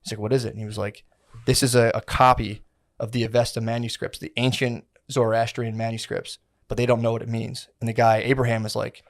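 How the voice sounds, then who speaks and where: A man's voice: medium pitch, little pitch movement, a little fast. A man co-hosting a podcast, telling a story in casual, rambling chat full of slang and swearing, acting out the people in it. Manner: rambling, slangy, profane, acts out quotes. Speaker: podcast co-host.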